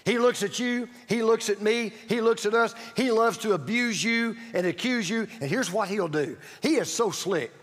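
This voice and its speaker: A male pastor preaching a sermon emphatically, repeating key phrases and swinging from loud to hushed. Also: high-pitched, normal speed, few pauses, long reverb tail. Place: church sanctuary.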